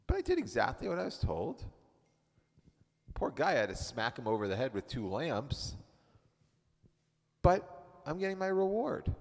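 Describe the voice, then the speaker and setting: A man's voice: mid-range voice, creaky. A man playing a proud, obedient ancient wife who talks in a self-satisfied, mock-pious way. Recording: reverberant hall.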